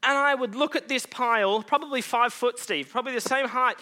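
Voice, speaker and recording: A man's voice: extremely high pitch, a little fast, sharp tone. A young man preaching as a guest speaker in a church, chatty and self-mocking, with lots of "um"s. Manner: casual and chatty, many "um"s, self-mocking humor. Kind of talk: sermon.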